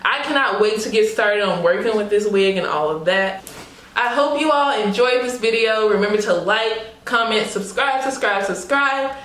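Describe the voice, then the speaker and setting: A young woman unboxing a wig for her vlog, excited and laughing, talking casually with lots of slang and fillers. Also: medium pitch, moderate pace. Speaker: beauty vlogger. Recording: roomy echo.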